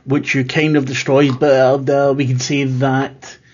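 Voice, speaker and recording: A man's voice: medium pitch, flat delivery, a little slow, a little mellow, highs cut off. A man running a tabletop horror game as keeper, talking casually with lots of fillers and restarts. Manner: rambling, filler-heavy, self-deprecating.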